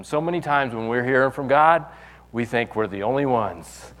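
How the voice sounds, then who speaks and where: A male pastor delivers a sermon in a loose, conversational style, often restarting sentences and leaning on fillers. His middle-pitched voice is expressive and fairly bright at normal speed, with a long church-hall-like reverb behind him.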